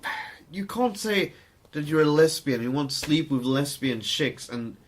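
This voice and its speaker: A man's voice: on the high side, lively intonation, normal speed. A man co-hosting a podcast in casual chat, profane and rambling, with hesitant fillers. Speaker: podcast co-host.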